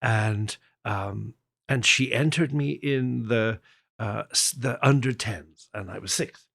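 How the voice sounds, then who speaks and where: Irish-born male guest, gravelly and husky, animated anecdote teller, middle pitch. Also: slow. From Ireland. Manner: lively anecdotal telling with quoted voices. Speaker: guest pianist. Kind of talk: storytelling in an interview.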